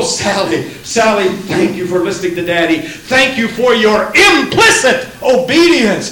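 A preacher playing a frantic shouting father. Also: natural voice. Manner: shouting high and urgent. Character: frantic father shouting warnings to his little girl. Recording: echoey hall from far off, faint hiss.

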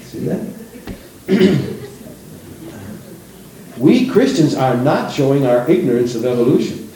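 A man's voice: mid-range voice, very animated, slow, dark tone, far from the mic. A middle-aged male preacher delivering a sermon in a church, preaching with rising emphasis and acting out the voices of people he quotes. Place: church sanctuary. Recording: very echoey church room.

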